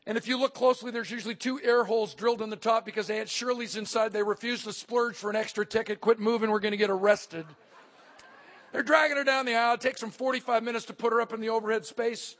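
A man's voice: very high voice, steady tone, fast talker, a bit bright. A man giving a humorous motivational speech at a hotel conference, telling stories and acting out the voices in them. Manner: comic storytelling, acting out quoted voices. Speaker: motivational speaker.

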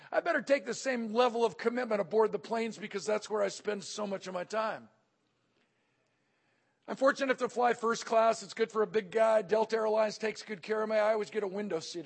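A man's voice: high-pitched, fairly bright tone. A man giving a humorous motivational speech at a hotel conference, telling stories and acting out the voices in them. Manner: comic storytelling, acting out quoted voices. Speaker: motivational speaker.

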